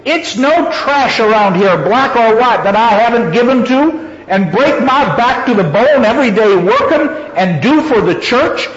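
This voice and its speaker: A man's voice: very high-pitched, lively intonation, unhurried, hardly any pauses, pitched above the performer's own voice. A man reading aloud as a proud, furious stout farm woman who wails and growls her indignation at God, in a dull, echoey hall recording.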